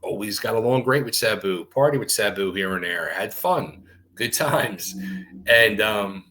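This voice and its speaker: In a fairly low voice and at a slightly slow pace, a middle-aged former wrestler tells stories as a talk show guest, swearing freely and animatedly acting out others' quotes. The audio is poor, with slight background noise.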